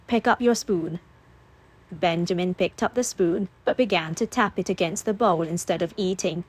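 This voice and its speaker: A woman reading a novel aloud as an audiobook narrator, steady and expressive. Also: lowish voice, normal speed.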